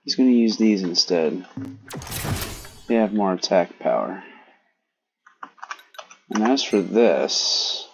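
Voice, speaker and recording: Casting: a laid-back man narrating his gameplay, slow and unhurried, on a dull, muffled recording. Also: low voice, animated, gravelly, faint music behind. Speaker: gaming channel host. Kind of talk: casual let's-play commentary.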